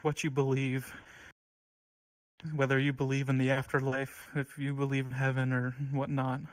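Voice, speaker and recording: A man giving an earnest, heartfelt eulogy at an online gathering, sometimes halting. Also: medium pitch, completely flat delivery, no echo, low-quality recording. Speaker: eulogy speaker.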